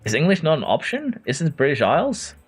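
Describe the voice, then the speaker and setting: A little high and slightly rough, the voice of this Norwegian game streamer swoops wildly in pitch as he talks a little fast. He chats casually about a racing management game, reading chat, answering viewers by name and chuckling frequently. Faint music sits in the background.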